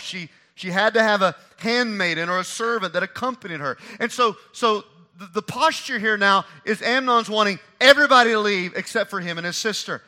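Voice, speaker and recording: A man preaching a sermon, emphatic and repeating phrases for stress, swinging between hushed and loud. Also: high-pitched. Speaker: pastor.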